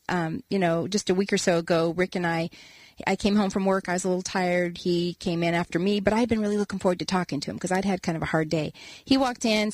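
A woman with a middle-range voice tells a personal story as a guest author, earnest and animated, acting out what people said. The sound is dry and close. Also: medium pitch, no room sound. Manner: earnest, animated, acts out quotes. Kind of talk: casual storytelling conversation.

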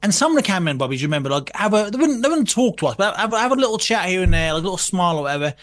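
A man telling a story in casual chat, animated and laughing, with plenty of swearing. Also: sits high, very fast.

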